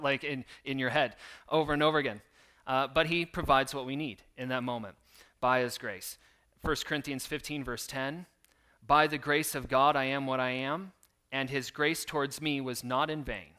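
A man delivering a sermon with a bright, forceful tone. He reads scripture and then explains it in an earnest, conversational way, slipping in casual asides as he goes. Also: medium pitch, fairly even intonation, moderate pace, clean tone. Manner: earnest, conversational preaching with fillers and scripture readings. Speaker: pastor.

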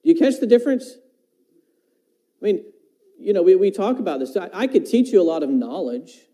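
A man's voice: high-pitched, very animated, a little fast, dark tone. A man preaching a sermon in an earnest way, repeating phrases and asking the listeners rhetorical questions. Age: adult parent.

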